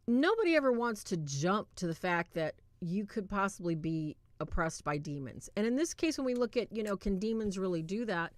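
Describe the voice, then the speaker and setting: A woman hosting a livestream, retelling a film in a casual, animated way and acting out quoted lines. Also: lowish voice, no room sound. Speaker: livestream host reviewing a film.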